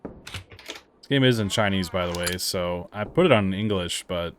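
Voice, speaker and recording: A man's voice: low voice, measured pace, slight background noise. A young man giving casual, wry commentary while playing and reviewing a video game. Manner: wry, sarcastic asides. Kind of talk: casual let's-play commentary. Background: faint game music.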